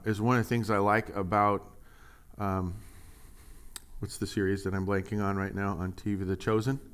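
A man preaching a conversational sermon as pastor, animated and joking, swinging from hushed asides to loud emphasis. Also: lowish voice.

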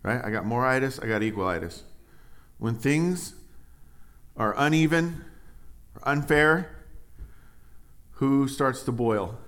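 A middle-aged man preaching a sermon, animated and joking, who reads scripture aloud with rising emphasis. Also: mid-range voice, slow pace, pauses often. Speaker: pastor.

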